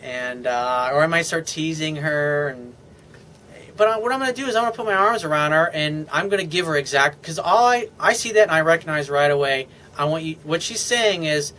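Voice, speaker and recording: A man coaching listeners on relationships in a loose, off-the-cuff monologue. He talks bluntly and swears a lot, in a voice a bit higher than most men's. A faint hiss of background noise sits under the recording. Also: animated, a little fast, sharp tone. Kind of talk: unscripted advice monologue.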